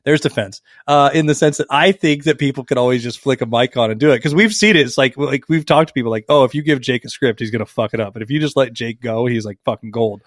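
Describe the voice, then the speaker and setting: A man's voice: medium pitch, quick pace, few pauses, dry recording, clean studio sound. Profane, laughing podcast co-host man. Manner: profane, laughing, swings loud and soft. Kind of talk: casual crude banter.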